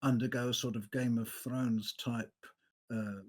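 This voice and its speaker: A man on a book podcast explaining background lore, pausing and restarting as he goes. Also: mid-range voice, little pitch movement. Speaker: podcast panelist. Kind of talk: casual book discussion.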